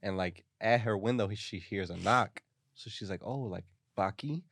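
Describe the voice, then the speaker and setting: A man's voice: lowish voice, moderate pace, a bit bright, distant mic. A man hosting a podcast, casually retelling a story in a slangy, rambling way with lots of "like.". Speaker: podcast host.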